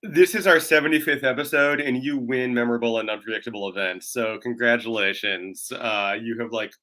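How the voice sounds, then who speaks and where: A man's voice: medium pitch, fairly quick, pushed and bright. A man hosting a bookstore interview show, friendly and upbeat, handing the talk between guests. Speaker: bookstore owner host.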